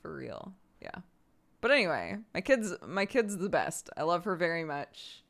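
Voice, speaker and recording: A woman's voice: lowish voice, big pitch swings, normal speed, creaky. A woman in her thirties hosting a live stream, chatting candidly and laughing at herself. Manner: candid and self-mocking, laughs often, acts out loud exasperated outbursts. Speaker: streamer host. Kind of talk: casual chat to a live stream audience.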